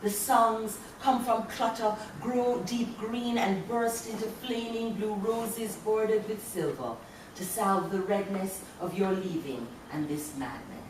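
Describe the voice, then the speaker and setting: A Jamaican woman reads her poems aloud, playful and quick to chuckle between lines. Her voice sits at an ordinary pitch for a woman. The recording is very echoey, picked up from across a lecture hall with a faint hum of room noise underneath. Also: recorded from a distance. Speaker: poet. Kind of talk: poetry reading to an audience.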